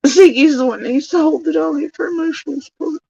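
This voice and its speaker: A woman hosting reaction commentary, talking in a scornful, mocking way with sudden high-pitched jabs. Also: fast, creaky, warm tone, lo-fi sound. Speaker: commentary host.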